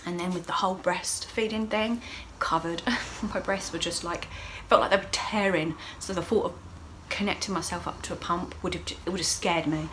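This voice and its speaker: A middle-aged woman talks through her week in a casual video diary, her voice sitting low and warm. She is open and emotional, often laughing between lines. A faint hiss sits under the recording. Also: steady tone, moderate pace, few pauses. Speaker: vlogger.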